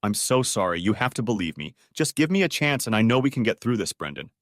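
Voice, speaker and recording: A man's voice: on the low side, sing-song, quick pace, a bit bright, no echo, studio quality. A man reading an audiobook voices a tearful wife who begs and pleads with her husband. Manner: begging, tearful. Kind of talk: audiobook character voice.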